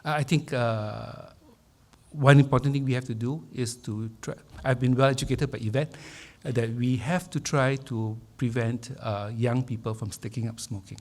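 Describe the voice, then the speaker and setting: A man, hosting a public talk and introducing the speaker in measured, hesitant remarks with many fillers. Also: mid-range voice, steady tone, a little mellow. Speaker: event host introducing speaker. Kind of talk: formal opening remarks.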